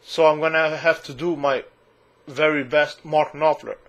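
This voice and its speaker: An indignant man delivers a sarcastic rant straight to camera, cursing as he goes. His voice sits a little high for a man, and he takes his time, drawing the words out slowly. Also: fairly even intonation, a bit bright. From United States. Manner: indignant, sarcastic, swears freely. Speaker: vlogger. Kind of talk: ranting monologue to camera.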